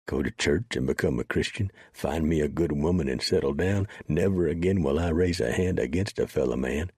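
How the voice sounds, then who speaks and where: A man's voice: a bass voice, brisk, darkish tone, breathy edge, dry recording, clean studio sound, heavily acted. A man voicing a frightened outlaw, out of breath, who swears to change his ways.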